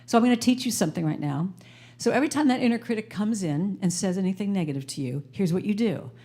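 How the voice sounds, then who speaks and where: A middle-aged woman giving an inspirational talk at a live service, playful and animated, getting the audience to repeat phrases after her. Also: medium pitch, fast. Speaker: guest speaker and singer-songwriter. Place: live service in a spiritual center.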